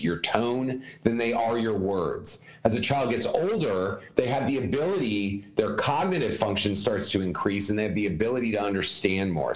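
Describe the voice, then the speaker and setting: A man's voice: mid-range voice, echoey room, rough recording. A man co-hosting a casual podcast chat, earnestly explaining parenting advice as an educator and repeating points for emphasis.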